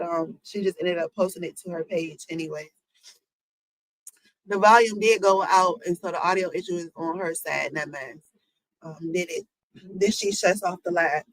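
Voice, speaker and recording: A woman's voice: mid-range voice, no room sound, poor audio. Chatty woman commentating to her viewers. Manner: chatty, lots of fillers, addresses viewers as y'all. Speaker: commentary channel host.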